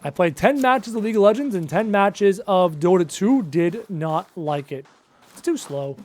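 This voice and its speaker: This chatty streamer, a man in his late 20s, has a high but darkish-toned voice and talks in an animated way at a moderate pace during casual gameplay chat. He fields viewers' questions out loud and pokes fun at himself, all while his voice is clearly giving out.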